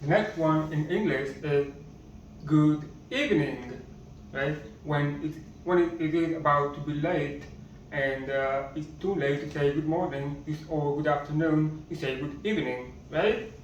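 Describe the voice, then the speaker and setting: A man teaching a basic language lesson at a slow, patient pace and repeating each word, recorded from a distance so it sounds muffled. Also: a little high, very echoey, slight background noise. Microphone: camera or phone far from speaker.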